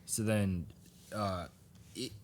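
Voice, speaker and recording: Low-voiced man rambling through a recap. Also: fairly even intonation, slow pace, slight background noise. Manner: rambling, laughs often, acts out quoted lines. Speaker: podcast co-host. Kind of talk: casual chat recapping a comic.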